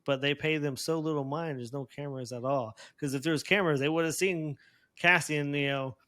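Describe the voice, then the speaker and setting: A man's voice: on the high side, fairly even intonation, a little fast, a bit bright. Laughing, rambling man in casual review chat. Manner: rambling with restarts, laughs often. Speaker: co-host reviewing a TV episode.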